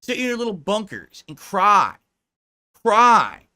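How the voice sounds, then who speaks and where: A man's voice: high-pitched, very animated, takes it slowly, pushed and bright, clear, resonant tone. A man livestreaming, ranting in a profane, mocking, combative way.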